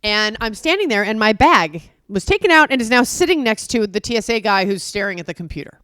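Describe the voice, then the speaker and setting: A woman in her forties on a podcast, telling an animated story and acting out the quotes, swearing freely. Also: a little high, a little fast, no echo, clean studio sound. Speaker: podcast co-host.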